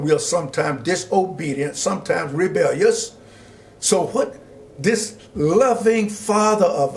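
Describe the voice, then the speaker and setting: A man pastor teaching a Bible study, slowly reading scripture aloud and preaching with rising emphasis and asides to his listeners. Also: a little high. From Georgia, US.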